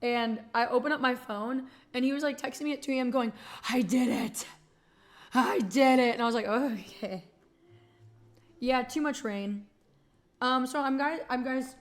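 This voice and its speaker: A woman's voice: a little high, fairly even intonation, brisk. A young woman streamer from Texas chatting casually and rambling, swearing freely and getting emotional as she talks. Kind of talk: casual chat.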